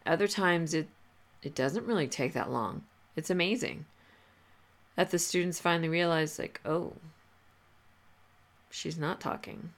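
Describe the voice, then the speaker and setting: A woman hosting a podcast, giving advice in a relaxed, conversational way with many fillers and restarts. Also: fairly low pitch, moderate pace. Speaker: podcast host. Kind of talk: casual advice talk.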